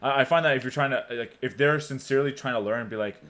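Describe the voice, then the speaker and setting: A man's voice: medium pitch, quick pace, a bit bright. A man on a casual podcast, talking frankly and rambling with lots of filler words. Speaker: podcast co-host.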